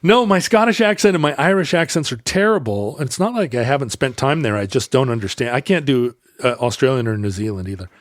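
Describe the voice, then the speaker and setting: A man's voice: medium pitch, expressive, fast talker, hardly any pauses, dry recording, clean studio sound. A man co-hosting a podcast, telling a history story in casual chat, rambling and correcting himself, laughing easily.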